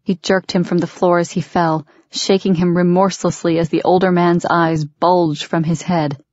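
A woman reading a romance novel as an audiobook in a steady, measured way. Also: lowish voice, no room sound, dull audio. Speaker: audiobook narrator. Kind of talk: scripted audiobook narration.

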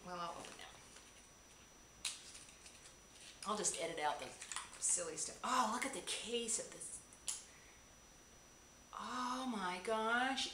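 A woman vlogger gushing over a box of gifts, gasping and exclaiming with delight as she unwraps each item. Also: mid-range voice. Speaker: beauty vlogger. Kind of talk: excited unboxing chat. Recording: echoey room with clear background noise.

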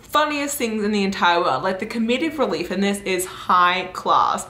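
A woman's voice: medium pitch, moderate pace. Chatty young woman in an echoey room. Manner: chatty and animated, many fillers, laughs often. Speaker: book vlogger. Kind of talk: casual book review vlog.

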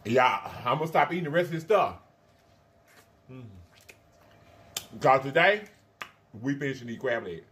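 A man's voice: medium pitch, lively intonation, moderate pace, pauses often, a bit bright, a little hiss or hum. A man hosting a mukbang vlog, chatting casually to viewers while eating, calling them y'all and honey, with frequent mm sounds between bites. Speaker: mukbang vlogger.

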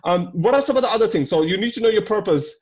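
Podcast host guy, kinda high voice, eager, sums up what the guest said. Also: animated, racing, dull audio. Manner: enthusiastic, recaps the guest's points. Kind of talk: casual interview chat.

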